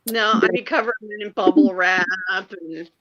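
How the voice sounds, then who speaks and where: A woman's voice: medium pitch, normal speed, fairly bright tone, lo-fi sound. A woman joining a live stream as a guest, chatting casually and joking about herself. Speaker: guest caller.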